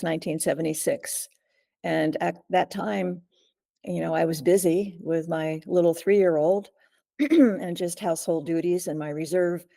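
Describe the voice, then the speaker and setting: An older woman, a guest in an interview, recounting a frightening ordeal slowly and steadily, often pausing to clear her throat. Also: on the low side, dark tone. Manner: measured, frequent throat clearing. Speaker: guest, author.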